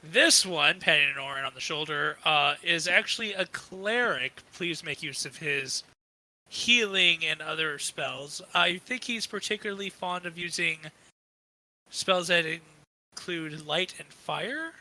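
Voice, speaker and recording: A man's voice: a little high, lively intonation, measured pace, bright, forceful tone, low-quality recording. A man playing a tabletop game, chatting in a playful, hammy way. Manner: playful, hammy in-character talk. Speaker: player.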